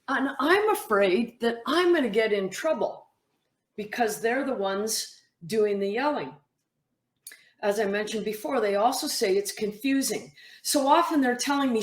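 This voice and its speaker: Woman, mental toughness coach, high voice, swooping intonation, unhurried, echoey room. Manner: animated, acts out athletes' quotes in a higher voice. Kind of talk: talking to camera, advice monologue.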